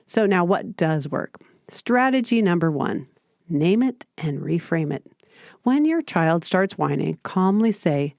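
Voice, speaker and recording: A woman hosting a parenting podcast, giving scripted advice in a calm, steady, explanatory way. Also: on the low side, measured pace, gravelly, no room sound, studio quality. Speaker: podcast host.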